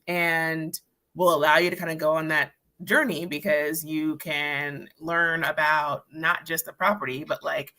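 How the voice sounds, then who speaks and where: Bright, hesitant panel speaker. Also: mid-range voice. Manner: hesitant, many fillers and restarts. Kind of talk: casual panel chat.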